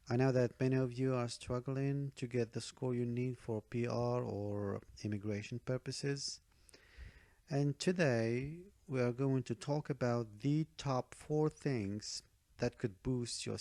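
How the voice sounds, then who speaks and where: A man's voice: mid-range voice, a little mellow, dry recording, clean studio sound. A man teaching speaking-test tips in an online tutorial, emphatic, repeating key advice and checking in with "okay?" and "all right?".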